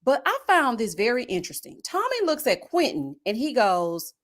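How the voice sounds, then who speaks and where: Her voice sits on the high side as she moves at a moderate pace with hardly any pauses. The young host of a reality-show review channel delivers a casual live recap full of sass, slang and shade, staying animated throughout.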